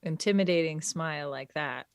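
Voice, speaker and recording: A woman co-hosting a casual chat, easygoing and quick to giggle. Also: low voice, smooth, no echo, studio quality.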